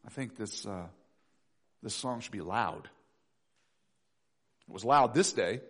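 A male pastor preaching a sermon to his congregation, swinging between soft low asides and loud rising pleas. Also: lively intonation, slow pace, breathy edge.

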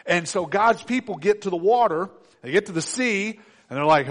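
A man preaching a sermon in an animated way, acting out the complaining voices of the people in the story. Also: high voice, normal speed.

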